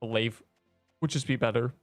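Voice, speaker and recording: A man's voice: mid-range voice, steady tone, normal speed, no echo, faint music behind. A young man chatting on a game livestream, rambling in slang and joking with mock outrage at his chat. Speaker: game streamer.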